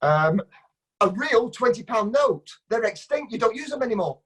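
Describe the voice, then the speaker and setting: A middle-aged man answers quick-fire questions with dry, playful wit. His voice is husky and he talks in a lively, swooping way. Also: very high voice. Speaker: kids' entertainer and ventriloquist guest.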